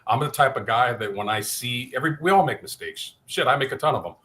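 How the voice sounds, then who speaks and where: A man's voice: mid-range voice, lively intonation, fast, sharp tone. A man speaking as a podcast guest on a headset mic, blunt and opinionated. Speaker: guest sponsor and fan. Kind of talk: casual podcast talk.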